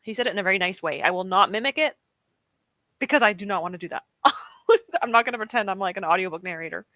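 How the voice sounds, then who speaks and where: A woman's voice: mid-range voice, fast talker, bright, forceful tone, dry recording. A young woman hosting a reading stream from her desk, chatting casually with her viewers and laughing often. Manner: chatty and giggly, often laughs and reacts to chat. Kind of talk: casual chat with live chat. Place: home desk.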